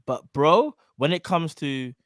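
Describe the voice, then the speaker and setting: A man, hosting a casual football chat in an animated, slangy, jokey way. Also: on the high side, takes it slowly, dry recording, studio quality. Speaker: show host.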